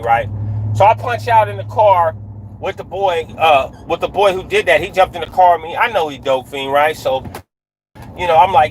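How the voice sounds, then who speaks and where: High-voiced man telling a street story. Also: lively intonation, moderate pace, a little hiss or hum, rough recording. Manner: street slang, frequent "right?" tags, greets viewers mid-story. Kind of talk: casual storytelling livestream. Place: inside a car on a dark road at night.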